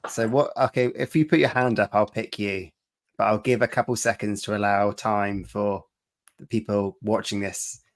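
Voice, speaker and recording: A man hosting a live stream chat over a video call, explaining a quiz game's rules in a relaxed way with small laughs. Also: fairly low pitch, moderate pace. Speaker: stream host.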